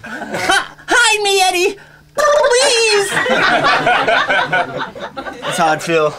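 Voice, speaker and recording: A man doing a live stand-up set with halting, awkward deadpan delivery and frequent restarts. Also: sits high. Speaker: stand-up comedian. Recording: loud noisy live recording.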